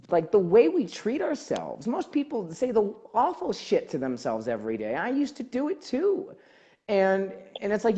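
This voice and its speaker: A man's voice: a little high, a little mellow. A man hosting a casual podcast conversation, talking in a rambling way with many fillers and restarts, as a life coach. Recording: dull lo-fi audio.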